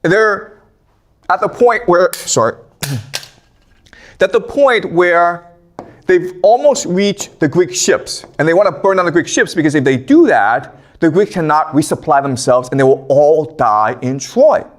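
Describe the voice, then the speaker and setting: A man lectures on history as a casual, animated story, often pausing to check in with the listener. His voice sits a little high and rises and falls widely.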